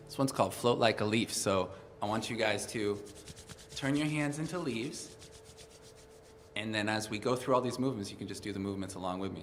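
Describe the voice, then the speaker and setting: A man hosting an interactive children's music session at home, gently encouraging the kids to move along. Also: on the low side, in a large hall, slight background noise. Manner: upbeat, gentle, encouraging, addresses kids directly. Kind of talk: interactive kids' music session, talking and singing. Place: indoors, streamed at home.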